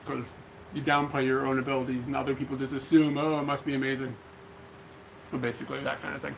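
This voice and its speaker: A man's voice: mid-range voice, flat delivery, quick pace, gravelly, a little hiss or hum, rough recording. An American man co-hosting a casual livestream from home, laid-back, reading viewers' questions aloud and answering. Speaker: livestream co-host. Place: home room.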